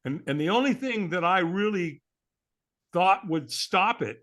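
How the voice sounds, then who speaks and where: Male guest telling a candid personal story; bright, slightly high voice, earnest delivery. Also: lively intonation, unhurried. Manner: earnest, candid, often adds "man".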